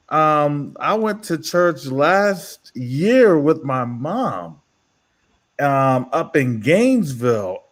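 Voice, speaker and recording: A man who is a panel guest in a casual chat, laid-back and chuckling. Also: fairly high pitch.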